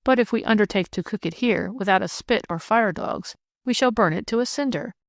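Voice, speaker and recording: A woman's voice: medium pitch, brisk, dry recording, clean studio sound, natural voice. A woman reading the part of a sturdy, good-humored widowed ploughman in an audiobook, sounding hearty and earnest.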